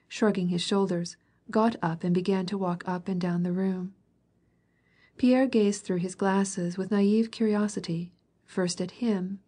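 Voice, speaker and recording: A woman reads a classic novel aloud in steady, measured narration. Her voice is mellow and warm, with a soft, breathy huskiness. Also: medium pitch. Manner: even, measured storytelling. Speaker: audiobook reader.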